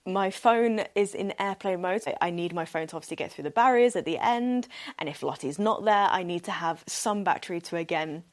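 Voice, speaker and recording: A woman's voice: lowish voice, a little fast. A young woman hosting a solo podcast, telling a story in an upbeat, chatty way with many "like" fillers, laughing often and acting out what people said. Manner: laughs often and acts out quoted speech. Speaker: podcast host.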